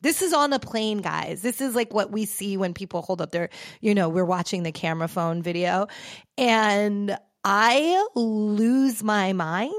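A woman podcast host tells a story with real feeling. She rambles and restarts often, at a middle pitch. The sound is dry and close to the mic. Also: animated, measured pace, no echo. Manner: emotional, rambling, with many fillers and restarts. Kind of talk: casual storytelling monologue.

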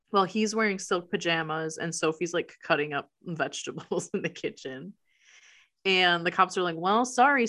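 A woman's voice: fairly low pitch, fairly bright tone. A woman in casual chat, animatedly retelling a movie plot and acting out quotes. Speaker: podcast co-host recapping a movie.

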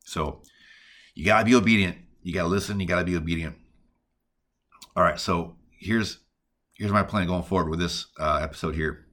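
Deep-voiced and a bit bright, this man moves at a moderate pace and pauses often. He hosts a podcast where he talks earnestly and conversationally about prayer and scripture reading, leaning heavily on fillers like "like" and "all right."

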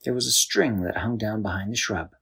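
A man narrating an improvised bedtime story in a loose, animated way, with restarts. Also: on the low side, fairly quick, creaky, husky.

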